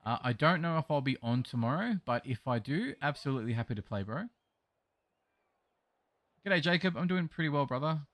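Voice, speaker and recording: A man's voice: fairly high pitch, expressive, brisk, long pauses, fairly bright tone, no echo. An Australian man live streaming a game, chatting casually and greeting his viewers as mate and bro. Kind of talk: casual chat reading live chat while gaming.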